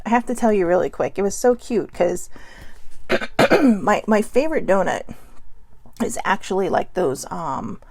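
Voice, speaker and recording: A woman hosting a casual live video pep talk, chatty and rambling, swearing freely and often clearing a scratchy throat. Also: medium pitch, big pitch swings, unhurried, pauses often, a little mellow, no echo. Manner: chatty and rambling, swears freely, many "you know" fillers.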